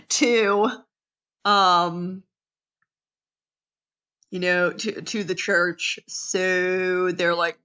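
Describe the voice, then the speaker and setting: A woman's voice: on the low side, bright, forceful tone, muffled recording. An American woman teacher giving a casual classroom lecture, chatty and full of restarts. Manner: chatty, acts out quotes, many restarts.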